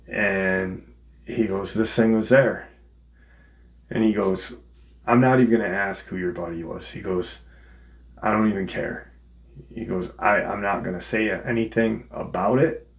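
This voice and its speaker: A man's voice: on the low side, creaky. A man hosting a paranormal channel, casually retelling a listener's encounter and quoting the dialogue as he goes. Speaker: paranormal story channel host.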